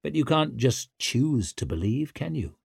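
A man narrating an audiobook in a measured, tense way. His voice is husky and mid-pitched, with a dry, close sound and no room around it. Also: big pitch swings, dry recording.

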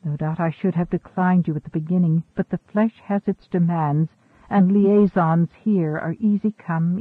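A man's voice: fairly high pitch, no echo, natural voice. A man voicing a cool, ageless woman scientist. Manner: measured, calm, gently firm. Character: centuries-old secretive woman scientist, composed and cool. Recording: tinny narrow-band recording.

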